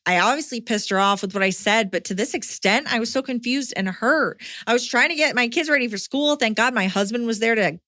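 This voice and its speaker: A woman's voice: a little high, brisk, few pauses, bright, forceful tone, no echo, studio quality. A woman hosting a podcast, reading a listener's letter aloud and breaking in with blunt, swearing reactions. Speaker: podcast host.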